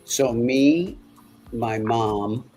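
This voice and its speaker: A middle-aged man, telling stories in a halting, rambling way in casual chat. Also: medium pitch, dark tone, faint music behind, rough recording. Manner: rambling, halting storyteller with many restarts. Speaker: livestream co-host.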